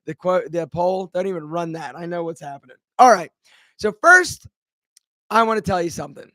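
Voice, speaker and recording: Chatty high-voiced man hosting live. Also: expressive, normal speed, pushed and bright, no echo. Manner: chatty, rambling, greets viewers by name. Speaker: live stream host, brand founder. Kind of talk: casual live Q&A chat.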